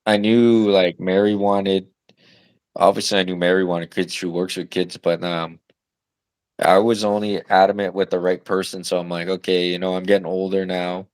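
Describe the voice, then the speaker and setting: A man's voice: low voice, flat delivery, moderate pace, clear, resonant tone, no echo. A young man in his twenties, a new father of twins, chatting loosely on a podcast with lots of fillers and the odd curse. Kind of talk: casual chat.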